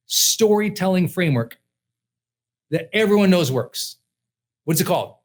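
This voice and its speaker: A middle-aged man, a personal development coach, giving an emphatic motivational class lecture and repeating his key points. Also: a little high.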